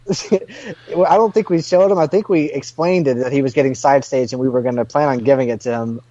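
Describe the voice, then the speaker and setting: A man's voice: mid-range voice, quick pace, mellow. A man talking as a podcast guest, explaining a story step by step in casual chat. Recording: dull lo-fi dry sound.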